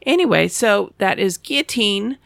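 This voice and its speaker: A woman co-hosting a board game podcast, speaking with a gravelly edge in a casual, explanatory manner. Her voice sits close and dry on the mic with no room sound. She sounds self-deprecating and easygoing. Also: mid-range voice, expressive, moderate pace, no room sound. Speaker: podcast co-host.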